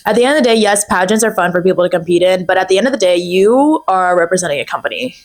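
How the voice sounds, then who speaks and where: A young woman talking as a podcast guest in a casual chat, chatty and animated, with many fillers. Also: fairly low pitch, very fast, creaky. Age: young adult.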